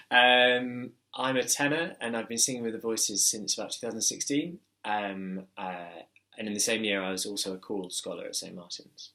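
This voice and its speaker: A man's voice: lowish voice, pushed and bright. A man, a tenor choir singer, giving a friendly, chatty introduction from home. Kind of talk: casual spoken introduction.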